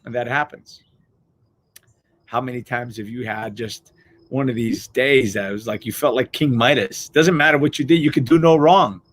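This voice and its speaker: A middle-aged man talks through a motivational show in a loose, conversational way. He swears often and acts out little everyday scenes as he goes. His pitch sits in an ordinary middle range for a man. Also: normal speed. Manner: animated, swears freely, acts out everyday scenarios. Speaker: host of a motivational live show. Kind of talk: casual motivational talk.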